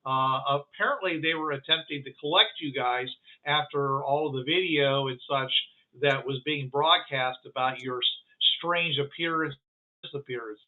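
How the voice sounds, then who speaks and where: A man playing an apologetic, reassuring military captain who talks haltingly with many filler sounds. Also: medium pitch, natural voice. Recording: thin phone-like line.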